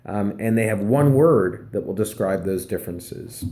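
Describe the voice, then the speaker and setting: A man's voice: on the low side, animated, moderate pace, mellow. A man, a professor, giving a conversational recorded lecture with fillers and emphatic repeats. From Pennsylvania.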